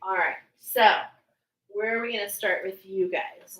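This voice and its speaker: Woman, intuitive card reader. Bright, forward tone, unhurried pace, earnest and heartfelt casual spiritual chat. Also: mid-range voice, steady tone, low-quality recording. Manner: earnest, heartfelt, meandering delivery.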